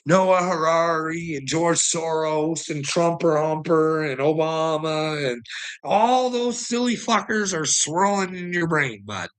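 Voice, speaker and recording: A man's voice: on the high side, slow pace, rough recording. A man ranting in a profane, mocking monologue, swearing constantly and laughing between jabs. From Canada.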